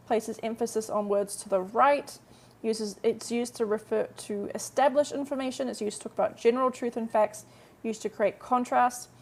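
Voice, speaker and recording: Chatty woman teaching Korean, a bit gravelly. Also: on the high side, darkish tone. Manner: chatty, explains step by step, slows down to model translations. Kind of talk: live-streamed language lesson.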